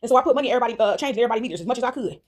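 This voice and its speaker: A woman vlogger telling a story to her viewers in a casual, animated way, swearing freely and acting out the voices she quotes, with "right?" after almost every sentence. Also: fairly high pitch, racing.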